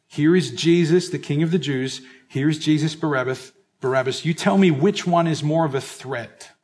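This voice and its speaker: Australian man preaching, slightly high voice. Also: a little mellow. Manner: reads scripture aloud then explains it, emphatic and slowing for stress. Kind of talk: sermon, Bible teaching.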